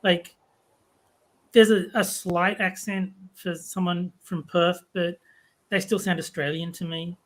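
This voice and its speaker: A man with a notably high voice chats on a podcast. He talks in a relaxed way and pauses with small hesitations as he works out his points. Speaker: podcast co-host. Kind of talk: casual chat.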